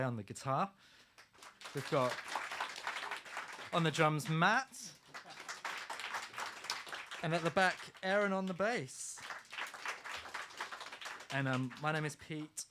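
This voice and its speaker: A man's voice: medium pitch, measured pace, long pauses, a crowd in the background, noisy background. A man fronting a band, joking casually with the audience between songs in a studio live room. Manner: relaxed, joking, with filler ums. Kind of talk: casual stage banter.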